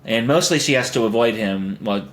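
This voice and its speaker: A young man with a medium-pitched voice talks briskly while co-hosting a podcast. He chats casually, rambling from one jokey idea to the next and doing silly voices.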